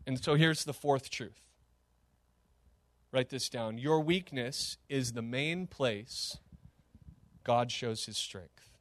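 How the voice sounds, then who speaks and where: A man preaching a sermon as pastor, animated and emphatic, with sudden rises and drops in his delivery. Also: medium pitch, slow pace, pauses often, dry recording.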